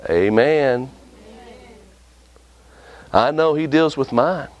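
A man preaching a sermon with impassioned delivery, often jumping up and down in pitch for emphasis. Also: very slow, highs cut off.

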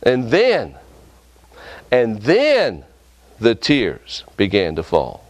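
A man preaching a sermon with impassioned delivery, often jumping up and down in pitch for emphasis. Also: wildly swooping pitch, very slow, dry recording.

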